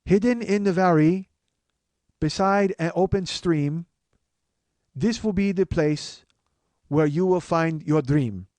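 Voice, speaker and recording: A man putting on the voice of a flustered restaurant worker on the phone who talks in halting, broken phrases. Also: high-pitched, a little mellow, dry recording, voice pushed up. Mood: slow solemn.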